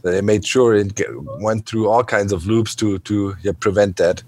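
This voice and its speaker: A man's voice: fairly low pitch, steady tone, moderate pace, a little mellow. A man from Germany chatting casually on a podcast, rambling with mildly exasperated opinions and lots of fillers. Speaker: podcast panelist. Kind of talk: casual chat.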